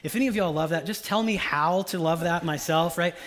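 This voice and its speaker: A man's voice: a little high, a little fast, a bit bright. A middle-aged man preaching a casual, conversational sermon, acting out the voices of people in his stories. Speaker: pastor.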